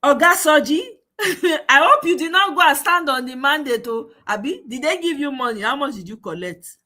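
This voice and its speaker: Animated Nigerian woman mocking on a livestream. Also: sits high, moderate pace. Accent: Nigerian, mixing Nigerian Pidgin. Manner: mocking, animated, laughing asides, exclamations. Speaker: livestream host. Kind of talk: political commentary livestream.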